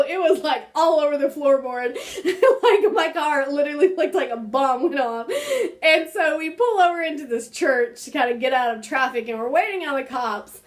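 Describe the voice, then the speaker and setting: Young woman vlogging, high voice, lots of "like" and "you know", laughs a lot. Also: normal speed. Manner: animated, laughs often while recounting; many fillers like "like" and "you know". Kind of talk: casual storytelling to camera.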